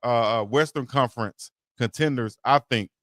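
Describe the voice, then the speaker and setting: A man's voice: mid-range voice, normal speed, fairly bright tone, no echo, clean studio sound. A man co-hosting a live sports talk stream, earnestly defending his team. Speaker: co-host. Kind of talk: casual sports debate. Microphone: live stream setup.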